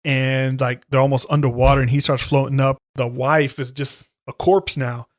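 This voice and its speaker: A man's voice: medium pitch, moderate pace, dry recording, studio quality. A man on a podcast retelling a horror movie plot in casual chat, swearing a lot and acting out the characters' lines. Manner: animated storytelling, heavy swearing, acts out lines. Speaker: podcast co-host.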